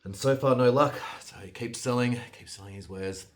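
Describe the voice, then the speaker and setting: A man telling a fairytale in a loose, conversational way, with restarts and sudden jumps in loudness. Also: mid-range voice, moderate pace. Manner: loose retelling with restarts, lively swings in loudness. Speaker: storyteller. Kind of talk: casual fairytale storytelling.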